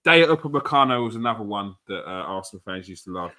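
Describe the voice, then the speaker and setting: A man hosting a casual football podcast, talking in a relaxed, thoughtful way and laughing easily. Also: on the low side, fast talker. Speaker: podcast host.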